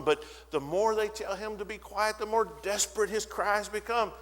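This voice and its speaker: Lively, bright-voiced male preacher. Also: high voice, normal speed, big-room sound. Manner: animated storytelling, briefly acts out the voices in the story. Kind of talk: sermon. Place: church sanctuary.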